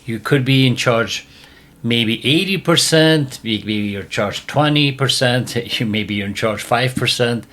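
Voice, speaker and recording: A man hosting a casual podcast and giving dog training advice, emphatic and repetitive, often dropping his voice low and quiet. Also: unhurried.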